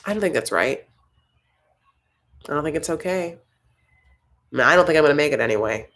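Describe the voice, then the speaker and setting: Young woman rambling on her live stream, lowish voice w lots of vocal fry, reads chat comments out loud. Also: expressive, brisk. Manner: chatty, rambling, reads viewer comments aloud. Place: home, Los Angeles.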